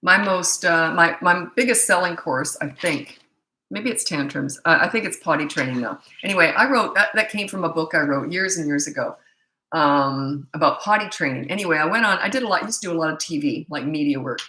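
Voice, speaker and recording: Blunt chatty woman, bright and echoey. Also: sits low, expressive, slight background noise. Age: middle-aged. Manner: blunt, chatty, frequent "anyway" asides and quick laughs. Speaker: parenting coach and channel host. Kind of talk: casual Q&A monologue with anecdotes. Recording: echoey room.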